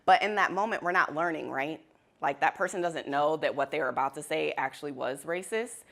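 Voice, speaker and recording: A woman facilitating a workshop in a conference room, talking to the audience in a candid, animated way and laughing easily. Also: low-pitched, brisk, gravelly. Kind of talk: interactive workshop talk.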